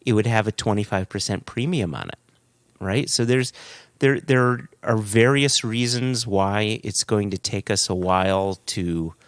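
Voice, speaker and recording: A man's voice: sits low, no room sound. Chatty man reading emails aloud. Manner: chatty, laughs through his reading. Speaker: podcast co-host. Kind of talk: casual chat, reading listener emails aloud.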